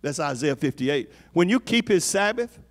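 A man with a high voice preaches a sermon in a church sanctuary. He repeats key phrases and calls out to the congregation for a response. His voice rings out with a long hall reverb. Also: big pitch swings, moderate pace. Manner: call-and-response preaching, repeats lines for emphasis. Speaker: apostle preaching.

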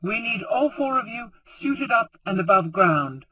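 A man's voice: high voice, lively intonation, unhurried, sharp tone, no room sound, distant mic, heavily acted, rough recording. A man reading the lines of a stern, tired woman president who gives curt orders. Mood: commanding.

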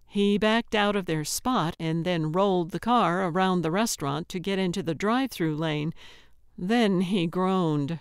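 A woman narrating a cozy mystery audiobook in an even, measured way. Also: on the low side, smooth, no echo, clean studio sound.

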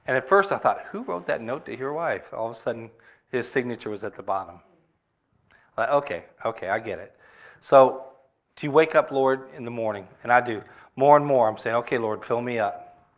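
A man's voice: mid-range voice, dull audio. Middle-aged male pastor, medium voice, folksy sermon delivery with stories and questions to the room. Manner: conversational storytelling with rhetorical questions.

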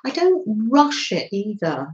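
A woman hosting a crafting live stream, greeting viewers by name in a gentle, chatty way. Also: mid-range voice, wildly swooping pitch, unhurried, muffled recording. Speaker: live-stream host, junk journal crafter.

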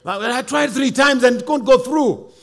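A man's voice: extremely high pitch, measured pace, a bit bright. A man with a Kenyan accent preaching a sermon as a bishop, emphatic, slipping in Swahili and Kikuyu asides.

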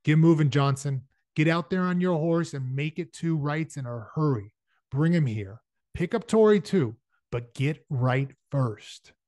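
A hard, clipped frontier gunman barks orders, as a man reading a novel aloud puts him on, his voice pitched a little higher than the narration and cutting through the room. The delivery is sharp and decisive, with a dry, close sound and no room echo. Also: lively intonation, a little slow. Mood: commanding. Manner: sharp, clipped, taking charge. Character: sharp commanding frontier gunman, male adult.

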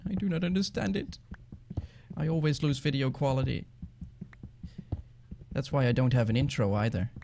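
A man with a Dutch accent talks loosely while he plays, rambling from one thought to the next and getting excited easily. His voice sits at an ordinary pitch. A faint hiss runs under the recording. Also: normal speed, creaky, pauses often. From Netherlands. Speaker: gaming channel host. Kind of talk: casual let's-play commentary.

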